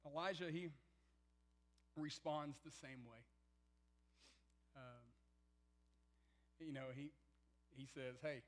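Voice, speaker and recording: A man preaching a sermon, swinging from loud, emphatic passages to near-whispered ones and acting out the quotes he reads. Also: on the high side, slow, long pauses, poor audio. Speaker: pastor.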